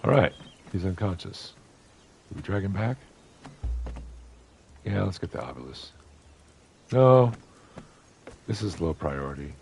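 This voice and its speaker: A man's voice: sits low, expressive, unhurried, gravelly, pauses often, a little mellow, a little hiss or hum. A man giving casual, rambling, profane commentary while playing a game, with wry asides. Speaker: gamer. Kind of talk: casual let's play commentary.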